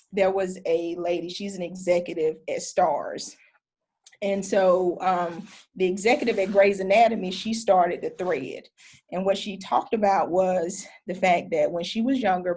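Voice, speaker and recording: Earnest woman lecturer, lower voice. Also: darkish tone. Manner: earnest, conversational, many "um" fillers. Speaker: nurse practitioner giving a talk. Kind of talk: lecture and audience Q&A.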